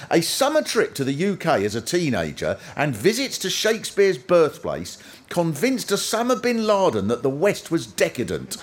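A man doing a stand-up comedy routine on stage, acting out the people he quotes. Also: sits high. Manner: animated, acts out quoted characters. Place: theatre with a live audience. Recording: noisy live stage recording. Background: audience laughter.

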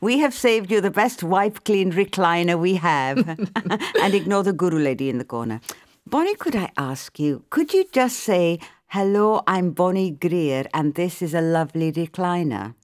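A woman's voice: on the low side, expressive, moderate pace, darkish tone, close to an everyday voice. An actress playing an elderly woman who hosts a comic chat show, fawning and theatrical with her guests. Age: older. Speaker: talk show host. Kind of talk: comic sketch acting.

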